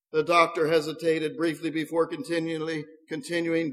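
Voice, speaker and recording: Man narrator, earnest story reading, higher voice, long hall reverb. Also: moderate pace, a bit bright. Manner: earnest, with small stumbles.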